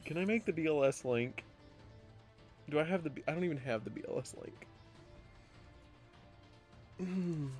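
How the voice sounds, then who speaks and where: A man streaming a card game live, chatting excitedly to his viewers, laughing often and muttering through his plays. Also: mid-range voice. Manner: excitable, laughs a lot, talks to chat.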